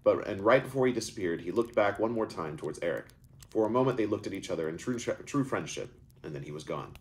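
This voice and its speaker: Reading his own book aloud live, a man stumbles and corrects himself as he goes, unscripted. He is the author and narrator, and his fairly low voice is expressive and fast.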